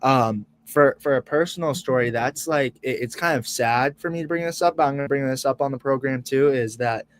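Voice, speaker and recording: A man's voice: medium pitch, a little fast, few pauses. A young man reacting live as co-host of a sports fan show, emotional and rambling, restarting and repeating words.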